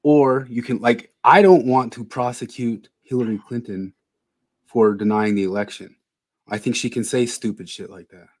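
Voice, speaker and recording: A man's voice: mid-range voice, moderate pace. A man co-hosting a podcast, talking bluntly in casual chat and often repeating his words. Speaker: podcast co-host.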